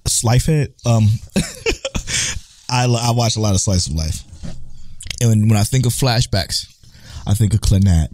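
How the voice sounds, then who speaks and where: A low-pitched man co-hosts a casual podcast, cursing freely and breaking into laughter. His tone is dark and mellow. The recording is close and dry, with no room sound. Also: dry recording. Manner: swears often, laughs easily, trails off and restarts. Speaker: podcast co-host. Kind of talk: casual chat.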